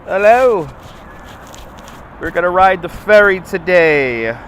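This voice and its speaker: Man, livestream host, outdoors, phone on gimbal, slightly higher voice, stuffy nose, upbeat, faint street noise. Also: animated, slow pace, a bit bright. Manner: chatty, upbeat, reads out viewer names. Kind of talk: live walking stream, greeting chat.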